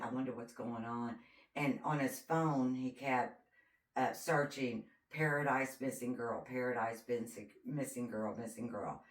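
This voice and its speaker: Very deep-voiced woman retelling a case. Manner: animated storyteller, acts out quotes. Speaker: podcast co-host. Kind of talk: casual chat retelling a true crime case. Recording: roomy echo, distant mic.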